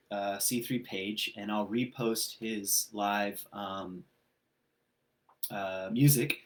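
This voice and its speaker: Male pastor, easygoing conversational sermon delivery, mid-pitched voice. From Ireland. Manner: relaxed, conversational storytelling with frequent ums. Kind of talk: livestreamed sermon.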